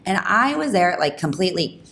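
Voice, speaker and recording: A woman hosting a podcast, telling a personal story in an animated, emphatic way, with quick restarts. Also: vocal fry, a little hiss or hum. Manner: animated, fast talking with frequent restarts; emphatic, rising pitch when indignant. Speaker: podcast host.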